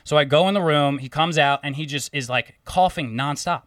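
A young man telling a story in casual chat, animated and swearing often, quoting himself and others. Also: a little high, moderate pace, dry recording, recorded from a distance. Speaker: home care therapist.

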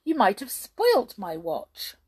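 A woman voicing an excitable little male brownie in a storybook reading. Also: on the high side, slow, slightly rough, pitched above the performer's own voice, full character voice. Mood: excited.

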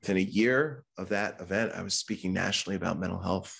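A man's voice: sits low, quick pace, vocal fry, a bit bright, husky. A man who works as a mental health speaker, talking candidly about his own life in a podcast interview. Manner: candid and conversational, acts out quoted voices. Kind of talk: podcast interview, personal story.

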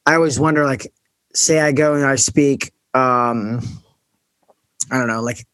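A man with a West Coast American accent talks at an average pitch. He asks long, wandering questions and thinks out loud between fillers. The recording is dry and close. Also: no room sound. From United States. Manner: musing, drawn-out questions with many fillers. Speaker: interviewer. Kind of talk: casual interview chat.

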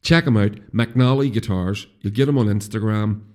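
Deep-voiced Northern Irish man, rambling. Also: moderate pace, a little mellow. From Northern Ireland. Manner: rambling, swears freely, many restarts. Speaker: podcast host. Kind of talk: casual solo podcast chat.

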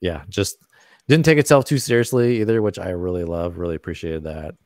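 Deep-voiced laid-back male panelist. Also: fairly quick, a little mellow, no echo, studio quality. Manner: laid-back, agreeable, musing. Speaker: podcast panelist. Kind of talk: casual panel chat.

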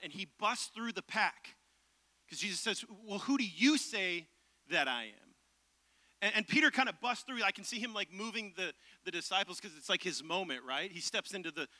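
Bright, high-voiced pastor preaching. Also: male voice. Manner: energetic, storytelling, rising to loud emphasis. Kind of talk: sermon.

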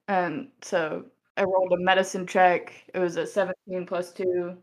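A woman's voice: on the low side, little pitch movement, normal speed, hardly any pauses. Casual woman playing a tabletop game. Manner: casual, chatty. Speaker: player.

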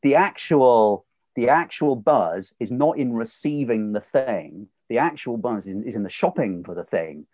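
A man in a casual podcast chat, animated and laughing often, acting out the voices he quotes. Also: mid-range voice, a little slow, dry recording. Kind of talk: casual conversation.

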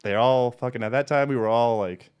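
Fast-talking, profane man telling stories. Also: medium pitch, clean tone, highs cut off. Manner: profane, blunt, animated storyteller. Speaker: podcast host. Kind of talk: casual storytelling.

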